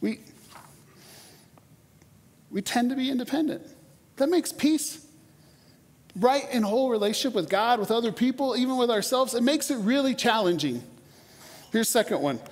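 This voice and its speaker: A man in his forties preaching a sermon in a church, conversational and animated, often repeating words as he starts a sentence. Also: sits high. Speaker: pastor. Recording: long hall reverb.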